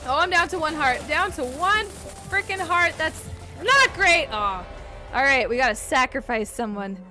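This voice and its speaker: High-voiced woman yelping over gameplay. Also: normal speed. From Canada. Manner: excitable, yelps and swears at the game. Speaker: streamer. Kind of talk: live gameplay commentary. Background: game music.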